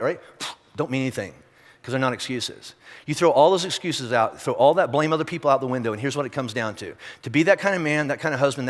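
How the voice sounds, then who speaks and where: A man's voice: mid-range voice, a bit bright. A man preaching a sermon to his congregation in a direct, conversational way, firing off rhetorical questions. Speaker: pastor. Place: large church auditorium. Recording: long reverb of a large church hall.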